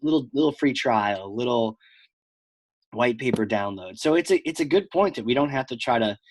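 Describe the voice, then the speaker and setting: A man's voice: medium pitch, expressive, normal speed, no echo. A man hosting a marketing podcast, chatting casually and joking around with his guest. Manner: jokey, playful, breaks into mock voices. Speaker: podcast host. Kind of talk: casual interview chat.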